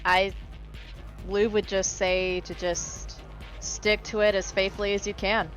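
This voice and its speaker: A woman's voice: medium pitch, flat delivery, unhurried, soft background music. A woman playing in a tabletop role-playing game, chatty, blunt and joking as she describes her character's moves. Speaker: player. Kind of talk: casual tabletop play.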